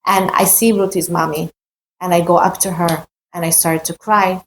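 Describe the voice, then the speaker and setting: A woman's voice: lowish voice, steady tone, moderate pace, slight background noise. A woman giving a heartfelt, emphatic personal Torah talk, repeating phrases and mixing in Hebrew terms. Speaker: Torah teacher.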